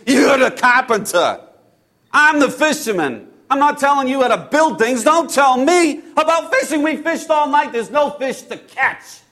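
A man playing Peter, a hot-tempered fisherman, telling his story in the first person with halting, repeated words, hushed one moment and loud and exasperated the next. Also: very high voice, animated, heavily acted. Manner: swings between hushed awe and loud exasperation. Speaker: actor in a first-person biblical monologue.

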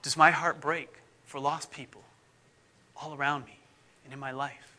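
A middle-aged man, a pastor, preaching in a conversational, self-deprecating way whose phrases often fade off softly. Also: a little high, level tone, moderate pace. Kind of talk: sermon.

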